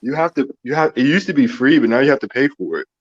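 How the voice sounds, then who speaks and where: A man's voice: medium pitch, lively intonation, fast, no echo. A man joining a podcast as a returning guest, chatting playfully and laughing between remarks. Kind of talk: casual call-in chat. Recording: dull, dry remote call audio.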